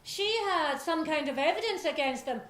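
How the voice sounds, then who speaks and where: Woman doing an indignant wife making accusations, fairly high voice, echoey hall. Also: animated, moderate pace, a bit bright. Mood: accusing. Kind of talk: amateur stage play.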